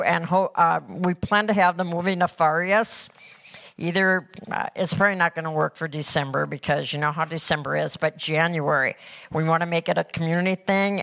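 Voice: medium pitch, fairly even intonation, normal speed, creaky, pushed and bright. A person reporting on a church mission trip, talking earnestly and rambling with many fillers. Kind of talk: casual church talk.

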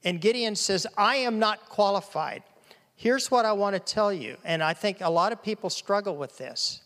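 A man's voice: sits high, normal speed, fairly bright tone. A man preaching a sermon as a pastor, acting out quoted voices and repeating phrases for emphasis. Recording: long hall reverb.

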